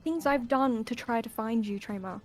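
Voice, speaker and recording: Brief: woman voicing an earnest, pleading traveler, fairly high voice, faint music behind. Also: moderate pace, lightly acted. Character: earnest traveler searching for a lost friend.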